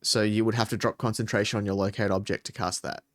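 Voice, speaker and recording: A man's voice: lowish voice, flat delivery, quick pace. A man acting as dungeon master in a tabletop game, asking players for their rolls and describing the scene in a conversational way.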